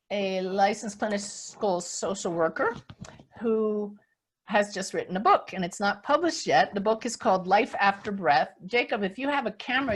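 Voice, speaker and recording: An older woman hosting a spiritual talk on a video call, telling a story with lively acted-out moments. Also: mid-range voice. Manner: animated storyteller, acts out scenes. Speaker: spiritual teacher and host.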